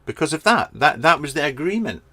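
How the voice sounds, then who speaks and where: A man's voice: fairly high pitch, sing-song, brisk, sharp tone. A Scottish man in a garden shed, talking casually into a webcam as he reads out viewer comments and jokes around, full of ums and restarts. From Scotland. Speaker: vaping product reviewer reading viewer comments. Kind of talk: casual live chat vlog.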